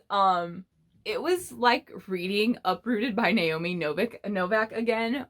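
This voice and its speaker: A young woman reviewing a book in a casual vlog, blunt and exasperated, swearing freely as she rants. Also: medium pitch. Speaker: book vlogger.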